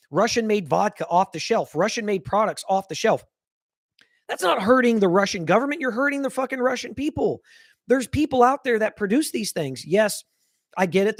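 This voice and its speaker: A man's voice: high-pitched, no room sound. A man hosting a live political talk show, ranting heatedly with profanity and repeated phrases. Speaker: podcast host.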